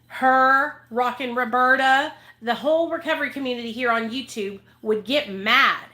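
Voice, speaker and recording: A woman with a high, bright voice vents to her viewers in a heated vlog rant. She swears freely and repeats herself for emphasis, speaking as someone who helps people in recovery. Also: moderate pace. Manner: angry, profane, emphatic, repeats points. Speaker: recovery advocate vlogger.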